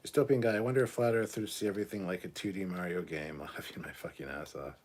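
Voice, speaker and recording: A man in his thirties from Canada hosts a relaxed live hangout and reads viewer messages aloud. His voice sits low and a little husky. He reacts off the cuff, laughing and swearing as he goes. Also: fast. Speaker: livestream host reading chat. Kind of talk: casual live chat.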